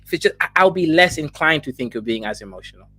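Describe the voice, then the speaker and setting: A man provokes his opponent on a live panel, stammering into his points before pressing on. His voice is a touch high. The recording is dry and close. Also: lively intonation, bright, forceful tone, no echo. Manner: needling, deliberately provocative, stammering starts. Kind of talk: provocative live-stream debate.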